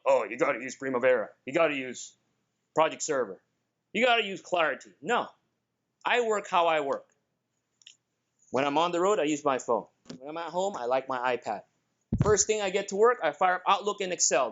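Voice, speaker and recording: A man with a Filipino accent and a fairly high voice works a conference room, joking and tossing questions straight at his listeners. His delivery is brisk and animated. The recording is somewhat muffled and lo-fi. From Philippines. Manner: energetic, joking, addresses the audience directly. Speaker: conference speaker. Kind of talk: lively conference presentation.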